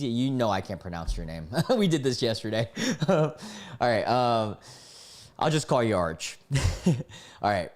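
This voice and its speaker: A man's voice: medium pitch, animated, unhurried, long pauses. A man streaming live, reading stories aloud and breaking off to react and greet his chat.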